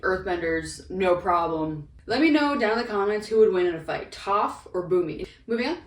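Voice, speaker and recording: A woman's voice: medium pitch, expressive, moderate pace. A woman chatting casually as co-host while ranking characters, with lots of "like" fillers. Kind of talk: casual chat. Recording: echoey room, distant mic, faint noise.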